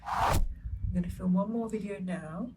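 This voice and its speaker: A woman's voice: mid-range voice, a little slow, recorded from a distance, very noisy. A middle-aged woman chatting to camera about her children in a gushing, chatty way, recorded at home. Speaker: vlogger, solo mother. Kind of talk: casual chat to camera. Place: home, indoors, baby asleep nearby.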